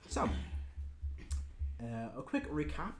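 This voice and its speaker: A man running a tabletop game as game master, chatting casually with his players in a lively, joking way. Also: a little high. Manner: lively, joking, quick to complain. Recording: echoey room with faint noise.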